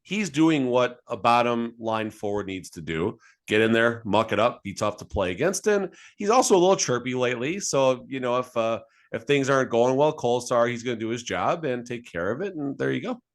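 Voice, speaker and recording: A man co-hosting a sports podcast, joking and animated, often repeating words as he talks. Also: medium pitch, brisk, few pauses. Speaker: podcast co-host. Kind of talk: casual sports chat.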